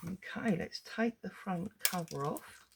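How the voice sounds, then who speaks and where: A woman hosting a casual crafting vlog, giddy and excitable, chattering to herself at her craft desk as she unboxes a parcel. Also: on the low side, measured pace, gravelly, background noise. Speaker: crafting channel host.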